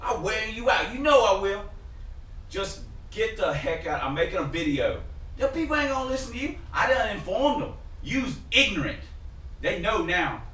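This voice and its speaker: A man's voice: sits high, animated, unhurried, pitched above the performer's own voice. A man putting on a rowdy, slangy, trash-talking character who mocks the host, in a home workshop. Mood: threatening. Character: loud mouthy man mocking the host.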